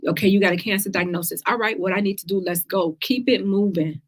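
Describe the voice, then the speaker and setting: A woman from the United States hosts a cancer survivor talk show, speaking fast at a medium pitch. She's lively and casual, addressing viewers directly and calling them "girl" and "y'all."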